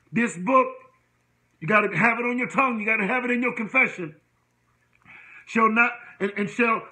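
A male preacher with a very high, sharply bright voice delivers an impassioned sermon. He preaches in a rolling call-and-response cadence, rising into exclamations. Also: poor audio. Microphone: livestream.

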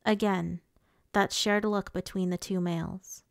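A woman narrating a first-person audiobook in a measured, steady way. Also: medium pitch, vocal fry, dry recording, studio quality.

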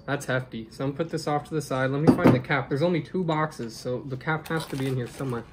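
Casual male vlogger, frustrated DIY talk, plain middle pitch, noisy home recording. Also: fast. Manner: casual, frustrated muttering to himself as he works. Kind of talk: casual chat while assembling gear. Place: room at home. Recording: noisy room sound.

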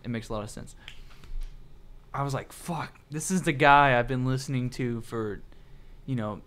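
A man in a loose late-night podcast chat, rambling from story to story. He acts out the lines of the people in his stories as he goes. His voice sits in a middle pitch. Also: moderate pace, a bit bright. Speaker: podcast host.

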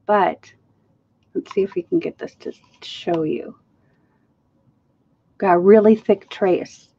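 A woman's voice: medium pitch, very animated, slow, vocal fry, dull audio. A woman hosting a live craft demonstration, chatting casually and thinking aloud as she mixes and counts. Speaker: acrylic pouring artist hosting a live stream.

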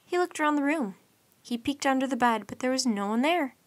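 A woman reading a children's bedtime storybook aloud in a lively, expressive way. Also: sits high, fairly quick, no echo.

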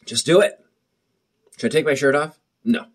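Joking and rambling nervously, a young man vlogs to camera from his bathroom at home in a casual chat. His voice is a little high and his pace moderate, with a little hiss or hum in the audio. The muffled sound comes from a built-in camera mic.

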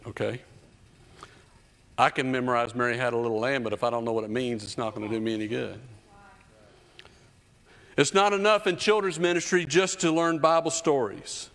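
A man's voice: mid-range voice, a bit bright. A man in his fifties preaching a sermon as a children's pastor, emphatic and repetitive, building in intensity. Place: church stage. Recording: reverberant church hall.

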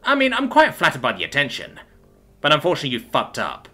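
A man's voice: medium pitch, sing-song, quick pace, sharp tone, breathy edge, heavily acted. A man voicing a sarcastic, hot-headed young human student in a storybook reading. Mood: mocking. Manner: sarcastic, snarling.

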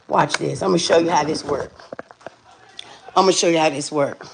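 A woman on a phone livestream in a hotel hallway, loud and profane, repeating the same orders over and over. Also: low-pitched, moderate pace, vocal fry, slight background noise. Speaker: livestreamer intervening in a dispute.

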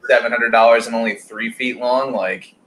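A man co-hosting a casual toy chat, speaking in a relaxed, offhand way with some casual swearing. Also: medium pitch, normal speed, poor audio. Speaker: co-host on live chat. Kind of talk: casual live chat about toys.

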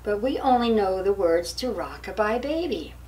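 An older woman reading a storybook aloud, voicing a kindly old female bear who speaks in a soft, soothing way. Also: mid-range voice, animated, normal speed, lightly acted. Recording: distant mic with faint hiss.

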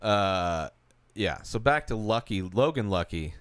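Man, podcast co-host, casual chat, swears a lot, animated pitch, dry close sound. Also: clean tone, dry recording. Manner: swears freely, quick offhand opinions.

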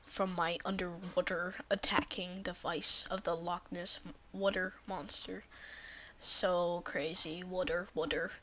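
A woman narrates her game in a goofy, rambling way at an unhurried pace. She slips into whispered asides and breaks into excited shrieks when something happens. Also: fairly low pitch, slight background noise. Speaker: let's play commentator. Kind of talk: gameplay commentary.

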